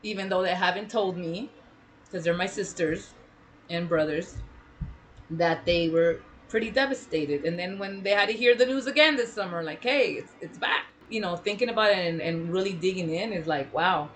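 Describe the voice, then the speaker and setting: Animated woman sharing her story. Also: fairly low pitch, normal speed, slight background noise, poor audio. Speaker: podcast co-host. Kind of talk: casual chat.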